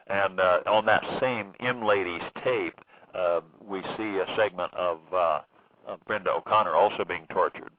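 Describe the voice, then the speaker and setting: A man speaking as an author guest in a phone interview, halting, with many fillers and restarts. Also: deep voice, no echo. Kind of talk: phone interview recounting a case. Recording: tinny phone line.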